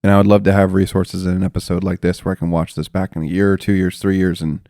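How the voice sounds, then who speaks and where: Young male co-host, twenties, low and gravelly, earnest questioner, dry close sound. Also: flat delivery, fast, dark tone, dry recording. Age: 20s. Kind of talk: casual podcast conversation.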